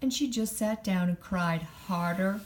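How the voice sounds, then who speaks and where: A woman reading a picture book aloud in an expressive storytime manner. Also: medium pitch, a little slow.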